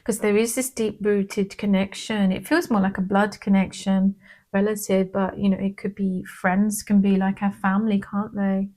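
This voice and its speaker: A woman giving a casual tarot card reading in a gentle, reassuring manner, often checking in with "okay?". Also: mid-range voice, flat delivery, moderate pace.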